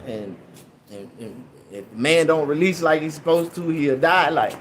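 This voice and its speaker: A young man casually telling a rambling, profane story in an animated way. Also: a little high, normal speed, slight background noise. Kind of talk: casual anecdote.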